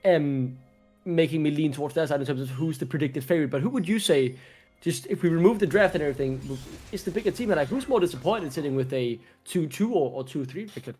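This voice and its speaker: Animated male esports caster, higher voice. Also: quick pace, breathy edge, faint music behind. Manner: animated, chatty, laughs easily. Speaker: esports commentator. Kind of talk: live esports commentary.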